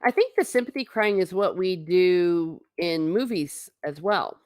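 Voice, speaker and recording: A woman's voice: fairly low pitch, expressive, unhurried, no echo, clean studio sound. Chatty, laughing woman host. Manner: chatty, rambling, laughs often. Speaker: livestream host reading chat. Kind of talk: casual livestream chat.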